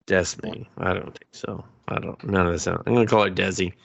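A man co-hosting a podcast, recapping anime in casual chat, animated and swearing freely as he acts out scenes. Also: deep voice, a little fast, vocal fry, dry recording. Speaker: podcast co-host.

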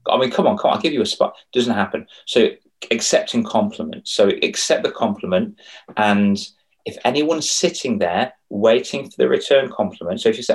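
A fairly low-voiced young man talks in a relaxed podcast chat about confidence. He tells animated stories and acts out the voices of the people in them. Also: normal speed. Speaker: confidence coach for kids.

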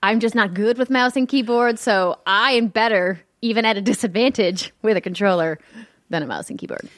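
A woman co-hosting a gaming news show, chatting casually and reading news items with quick asides. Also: mid-range voice, no echo, clean studio sound. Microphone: headphones and studio mic.

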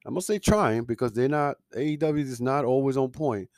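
A man's voice: medium pitch, expressive, a little fast, hardly any pauses, darkish tone, no room sound. A man hosting a casual podcast, ranting in a heated, opinionated way with frequent fillers and restarts. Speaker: podcast host.

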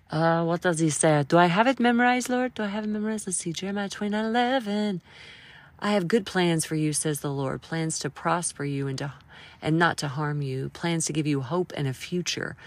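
Warm-voiced woman giving a devotional. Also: low-pitched, lively intonation, normal speed. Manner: prays and breaks into a cappella worship song; playful, quirky way of talking. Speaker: host. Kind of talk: devotional encouragement talk.

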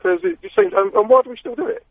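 A man's voice: extremely high pitch, sing-song, quick pace, vocal fry, breathy edge, no room sound. Rambling male caller on a tinny phone line. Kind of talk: phone-in chat.

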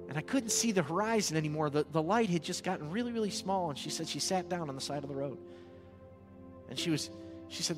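A man preaching a sermon as pastor, moving from hushed, intimate passages to loud exhortation and calling on the congregation to repeat after him. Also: fairly high pitch, expressive, fast, music in the background. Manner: repeats words, calls on the congregation to respond.

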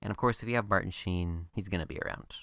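A man's voice: low voice, fast talker, pushed and bright, no room sound, studio quality. A man co-hosting a podcast, chatting wryly and casually about a TV episode. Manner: chatty and wry. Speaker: podcast co-host. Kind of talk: casual TV recap chat.

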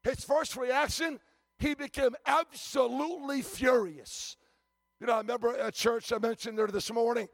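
A man's voice: very high-pitched, fairly even intonation, moderate pace, creaky, no room sound, studio quality. A man preaching a sermon as a visiting preacher, telling stories emphatically with frequent restarts and stammers.

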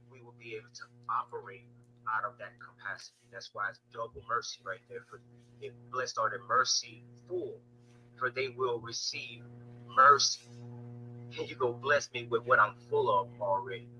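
A man who is a guest on a faith podcast, speaking fervently and building in excitement as he talks. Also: medium pitch, slight background noise, low-quality recording. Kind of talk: faith discussion.

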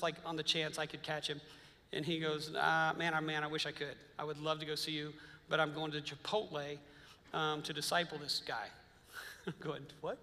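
A man's voice: fairly high pitch, bright, forceful tone. A man preaching a sermon as pastor, telling stories casually and acting out the dialogue of the people in them. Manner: casual, anecdotal, quotes others in dialogue. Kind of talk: conversational sermon storytelling. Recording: long reverb of a large hall.

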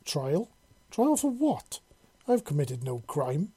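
A man's voice: mid-range voice, fairly even intonation, moderate pace, mellow, close to an everyday voice. A man voicing a defiant young half-alien man who throws out raised, indignant questions.

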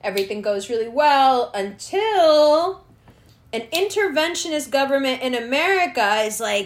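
A woman's voice: high-pitched, big pitch swings, moderate pace. A woman hosting a solo podcast, ranting in a heated, sarcastic and profane way. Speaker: podcast host.

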